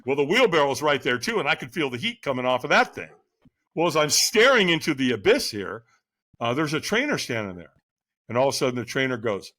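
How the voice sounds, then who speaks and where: Podcast guest guy telling his story, super animated, swoopy pitch, bright sharp tone, always going "right?". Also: a little fast. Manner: lively, keeps asking "right?".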